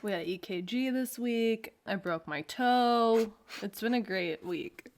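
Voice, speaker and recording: A woman's voice: fairly high pitch, slow, a little hiss or hum. A woman co-hosting a podcast in casual chat, playful and laughing often. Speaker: podcast co-host.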